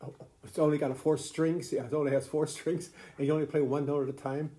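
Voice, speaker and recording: A man's voice: a little high, little pitch movement, fast talker, warm tone. An older grandfather explaining the fiddle to a grandchild in a folksy, rambling way, full of restarts and chuckles. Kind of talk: casual home video lesson.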